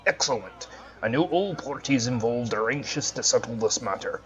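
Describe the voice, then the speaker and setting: A man's voice: medium pitch, animated, normal speed, fairly bright tone, lo-fi sound, natural voice. A man voicing a solemn male dwarf cleric with a put-on Scottish accent, reading the game's lines formally.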